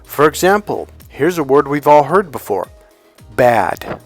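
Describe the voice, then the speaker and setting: A man's voice: on the high side, big pitch swings, unhurried, no room sound, faint music behind. A man giving a blunt, profane coaching talk on dating and relationships, telling stories and acting out the voices in them. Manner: blunt, profane, storytelling with acted-out quotes. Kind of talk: motivational coaching monologue.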